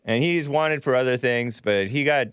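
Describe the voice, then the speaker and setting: A man's voice: medium pitch, moderate pace, a bit bright, clear, resonant tone, no echo, studio quality. A middle-aged man hosting a talk show, rambling sardonically and laughing at his own jokes. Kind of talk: solo political talk show monologue.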